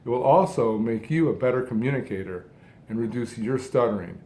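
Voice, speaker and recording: A man giving an instructional talk, speaking deliberately in short phrases with strong emphasis on key words. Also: mid-range voice, lively intonation, dark tone. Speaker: speech coach who stutters.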